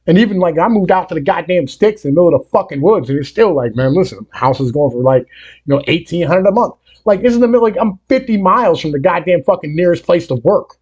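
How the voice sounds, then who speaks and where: A man's voice: high-pitched, expressive, quick pace, breathy edge, highs cut off. A man hosting a music reaction video, talking in a profane, rambling rant full of fillers. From Appalachia. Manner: profane, rambling, full of fillers like "you know what I mean"; grows heated and louder as he rants.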